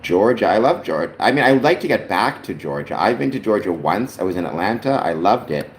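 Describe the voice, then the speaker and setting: A Canadian man hosts a livestream in a relaxed, rambling chat, his fairly low voice swinging up and down with lively intonation. He sounds like he is in an echoey room, with a faint hiss of noise behind him. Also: a little fast. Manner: rambling, chatty, talks to his father on the stream. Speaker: livestream host. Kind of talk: casual chat. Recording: roomy echo, faint background noise.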